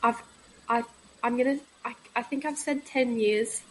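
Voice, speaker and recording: A woman in her thirties talks frankly as a podcast guest, a little high in pitch. She pauses often and fills the gaps with soft ums. A faint hiss sits under her voice. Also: steady tone, low-quality recording. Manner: halting, frank, many pauses and fillers. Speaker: guest, midwife. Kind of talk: candid podcast conversation.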